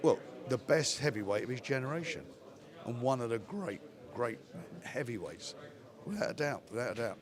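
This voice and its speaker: A man's voice: medium pitch, sing-song, normal speed. An older man, a boxing promoter giving a plainspoken post-fight interview and repeating phrases for emphasis. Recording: crowd chatter behind the voice.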